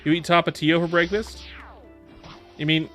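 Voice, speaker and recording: With a flat delivery at a moderate pace, a streamer in his thirties speaks in a fairly high, fairly bright voice to his livestream viewers. Faint music sits underneath as he rambles, restarts and repeats himself.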